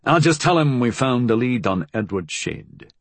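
A man voicing a gruff older brother who answers in short, blunt lines in an audiobook. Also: medium pitch, expressive, moderate pace, dry recording, lightly acted. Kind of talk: audiobook character voice.

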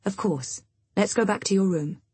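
A female audiobook narrator voicing a gentle older caretaker who speaks softly. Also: mid-range voice, normal speed, slightly rough, dry recording. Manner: soft, hushed.

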